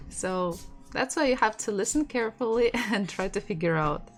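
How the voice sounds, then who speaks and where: A woman's voice: mid-range voice, normal speed, faint music behind. A woman with a Russian accent teaching an online language lesson, patiently repeating words for learners.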